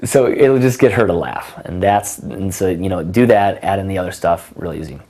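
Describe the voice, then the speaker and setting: A young man talks through dating advice in a loose, casual way, his voice sitting a bit low. He leans on fillers and restarts and slips into acted bits of conversation to show his point. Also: a little fast, a little mellow. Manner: casual, filler-heavy, acts out both sides of conversations. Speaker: dating coach. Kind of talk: instructional monologue with acted example lines.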